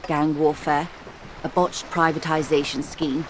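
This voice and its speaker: A woman's voice: low-pitched, flat delivery, unhurried. An actress voicing an erudite woman in a video game who lectures a detective in an eloquent, wry manner, in game audio with background noise.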